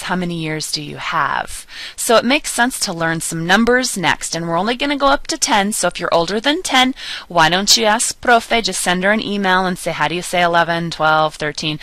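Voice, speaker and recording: A woman teaching a beginner Spanish lesson, drilling sounds slowly and pausing for learners to repeat. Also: mid-range voice, bright, forceful tone, no echo. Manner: slow, patient drilling with pauses for repetition. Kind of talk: recorded online lesson.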